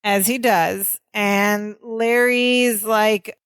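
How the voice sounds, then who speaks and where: A woman's voice: a little high, measured pace, dry recording. A woman co-hosting a podcast, animatedly retelling a sitcom episode scene by scene and quoting the characters in casual chat. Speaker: podcast co-host.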